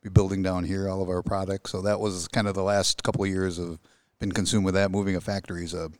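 A man's voice: low-pitched, level tone, fast talker, clear, resonant tone, dry recording. A middle-aged man, a guest chatting easily in an interview, plain-spoken with a dry humor. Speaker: industry guest, engine company manager. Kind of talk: casual interview chat.

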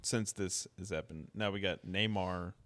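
A man's voice: deep voice, measured pace, fairly bright tone, no room sound. A young man co-hosting a casual sports podcast, tossing in short reactions and crude joking asides. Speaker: podcast co-host.

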